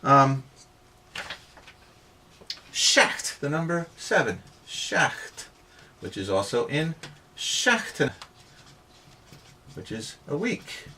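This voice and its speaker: Guy teaching pronunciation, repeats sounds slow and punchy, bright voice, bit of hiss behind. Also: mid-range voice, big pitch swings. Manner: emphatic, repeats sounds slowly for drilling. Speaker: Irish language tutor. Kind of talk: pronunciation lesson.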